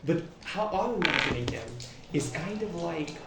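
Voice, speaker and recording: A man's voice: on the high side, expressive, normal speed. A man running a tabletop game as game master, narrating casually with lots of fillers and restarts. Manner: rambling, filler-heavy, self-interrupting. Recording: echoey room, far from mic, loud noise.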